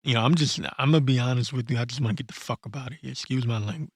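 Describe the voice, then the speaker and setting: A man ranting bluntly and profanely in an unscripted commentary, stopping to read verses slowly and correct himself. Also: mid-range voice, breathy edge, no echo, studio quality. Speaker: online commentator. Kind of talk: blunt unscripted rant with scripture reading.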